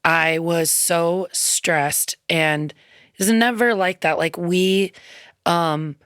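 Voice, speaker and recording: A woman's voice: lowish voice, very slow, fairly bright tone, smooth, no room sound. A woman musician, a guest in a radio studio, telling a heartfelt story in a chatty, loose way full of ums and quoted asides. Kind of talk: casual interview storytelling.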